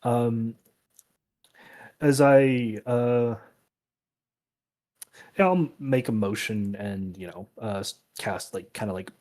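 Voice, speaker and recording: A man's voice: medium pitch, takes it slowly, long pauses, a little mellow. A man playing a tabletop game in a casual, rambling way, laughing often. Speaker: player. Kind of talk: tabletop role-play.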